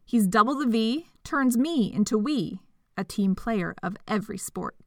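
A woman reading a rhyming storybook aloud, playful and expressive, with whispered asides. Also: on the high side, moderate pace, dry recording, studio quality.

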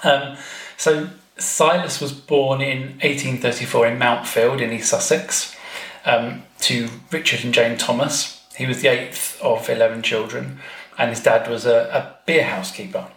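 A man's voice: mid-range voice, fairly even intonation, measured pace, a bit bright. A man guesting on a podcast, telling a family-history story in a chatty way, with frequent ums and wry asides. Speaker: guest author. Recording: roomy echo.

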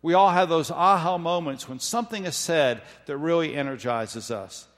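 A man giving a measured, emphatic sermon, slowing down when he reads scripture. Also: fairly high pitch, expressive. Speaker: preacher. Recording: long hall reverb.

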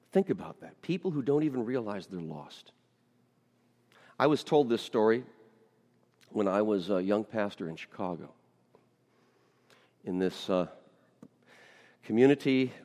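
A middle-aged man, a pastor, telling stories in a sermon, swinging between loud, lively lines and hushed ones. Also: fairly low pitch. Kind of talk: storytelling sermon. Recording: long hall reverb.

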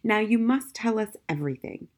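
A woman reading an audiobook, voicing a gentle, thoughtful middle-aged policeman who speaks softly. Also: fairly high pitch, animated. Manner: soft, gentle, unhurried. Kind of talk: audiobook character voice.

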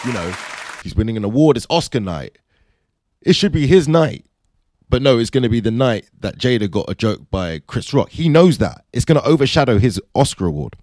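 A man vlogging, telling his theory in a chatty, animated way with many fillers. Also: medium pitch, brisk, no echo, clean studio sound, a faint crowd. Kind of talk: casual commentary monologue.

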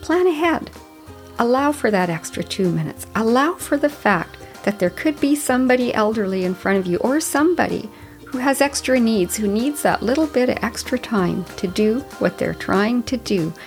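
A woman's voice: a little high, animated, moderate pace, faint music behind. Earnest woman in her fifties telling stories. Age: 50s. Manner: chatty, earnest, gently advising. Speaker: podcast host. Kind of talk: reflective solo storytelling.

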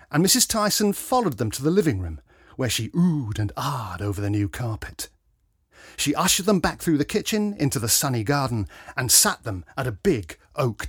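A man narrating a story in a gentle, expressive storytelling manner. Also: medium pitch, husky, no echo, studio quality. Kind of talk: storybook reading.

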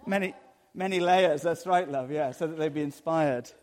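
A middle-aged male pastor preaching a sermon in an easygoing, storytelling way, often dropping his voice low and soft. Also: moderate pace, some chatter behind. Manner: conversational storytelling with sudden soft drops.

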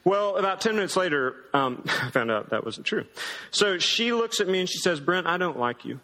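A man's voice: sits high, sing-song, moderate pace, bright, forceful tone, in a large hall. A man in his thirties preaching a sermon in a casual, joking storytelling way. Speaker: pastor.

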